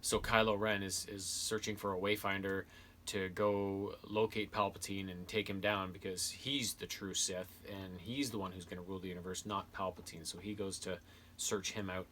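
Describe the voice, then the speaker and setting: A man's voice: sits low, flat delivery, moderate pace, fairly bright tone. A man giving a casual spoken book review, rambling with many fillers and restarts. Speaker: video host reviewing books and games.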